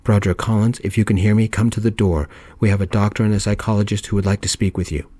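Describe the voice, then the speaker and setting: A stern male police officer laying out the law in a steady, formal way, as a soft-spoken storyteller puts him on. The voice sits very low and mellow. The recording is close and dry. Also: fast talker, no room sound, lightly acted. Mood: commanding. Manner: formal, steady, reads out rules.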